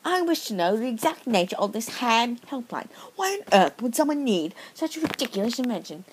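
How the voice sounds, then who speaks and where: A woman's voice: on the high side, very animated, brisk, a little hiss or hum, poor audio. A woman playing a fussy male caller in a comedy sketch, an Australian putting on a bad posh British accent. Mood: indignant. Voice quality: put-on plummy, fussy diction.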